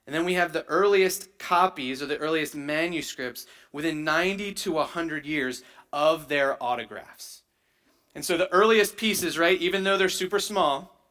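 A man's voice: a little high, pushed and bright. A man preaching a sermon, teaching in a conversational way and often checking in with "right?". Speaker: pastor.

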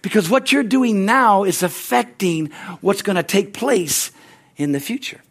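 A man's voice: high voice, expressive, a little slow, a bit bright. A male pastor preaching a sermon with lots of energy, often calling out "Amen?" and restarting his sentences. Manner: restarts and repeated words.

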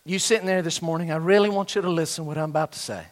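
A man's voice: a little high, fairly even intonation, rapid-fire. A middle-aged man preaching a sermon, telling a story and acting out the voices of students and their coach. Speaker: pastor.

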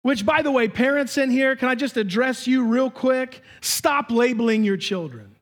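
A male pastor delivers a sermon to his congregation in a church sanctuary. His voice sits unusually high for a man. He pushes some lines out at a shout and then drops to quiet, confiding asides. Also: moderate pace. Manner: emphatic, swings between shouting and hushed asides.

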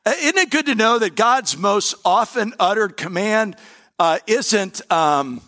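A man's voice: high-pitched, lively intonation, measured pace, sharp tone. A pastor preaching a sermon to a congregation in an earnest, conversational way, often restarting his sentences. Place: church service before a live congregation.

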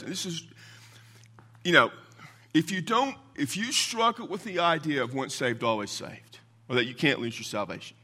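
Man, pastor, sermon, emphatic, animated pitch, bright forceful tone, rhetorical questions. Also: husky. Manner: emphatic, call-and-response questions; rapid asides, voice swings from loud to hushed.

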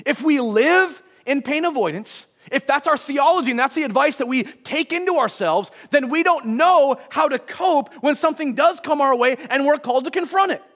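A man's voice: very high-pitched, animated, normal speed, few pauses, fairly bright tone. A male pastor giving a conversational sermon in a church, reading passages aloud and briefly acting out quotes. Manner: conversational, acts out short quotes, many restarts.

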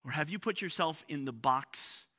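Preaching over a livestream, this pastor keeps circling back to key lines and posing rhetorical questions as he climbs to emphatic high points. His somewhat high voice is sharp and lively in intonation at a moderate pace, echoing with long hall reverb.

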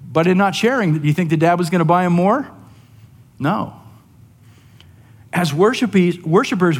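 Male preacher, chatty sermon delivery with frequent "right?", echoing hall. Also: on the high side. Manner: conversational, often asks "right?". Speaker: pastor.

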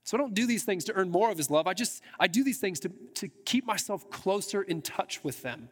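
A man with a high voice preaching a sermon in a casual, conversational way. He restarts his phrases often and sprinkles in filler words as he talks to the congregation. His voice rings with the long reverb of a church hall. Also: animated, a little fast, husky. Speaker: pastor. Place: church sanctuary.

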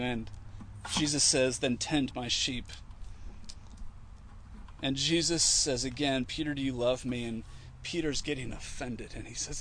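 A man's voice: medium pitch, unhurried, fairly bright tone, slight background noise. A man giving an informal teaching talk, conversational, with many fillers and restarts, acting out quoted lines as he retells scenes. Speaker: Christian teacher.

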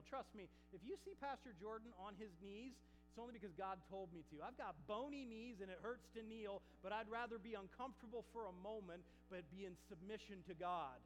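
A man with a very high voice preaches to his congregation, pressing his points with repeated call-outs. His voice rings with long reverb through a church hall, and soft music plays underneath. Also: animated, brisk, hardly any pauses. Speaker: pastor. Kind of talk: sermon.

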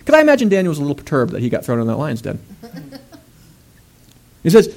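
A man's voice: a little high, huge pitch swings, quick pace, gravelly, long pauses, darkish tone. A man preaching a sermon in a conversational way, with fillers and asides, often rising to a raised, emphatic voice.

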